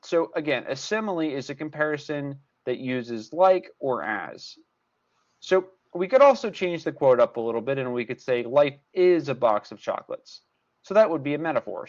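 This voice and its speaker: Captured on lo-fi audio, this recorded class lesson features a man's somewhat high voice. He's a math tutor who explains things one step at a time, going back over the key ideas with emphasis.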